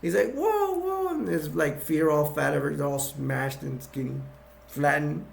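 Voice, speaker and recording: Gravelly man rambling through a plot. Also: fairly high pitch, steady tone, moderate pace, soft background music. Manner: rambling, filler-heavy, with frequent restarts. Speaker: movie reviewer. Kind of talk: casual plot retelling.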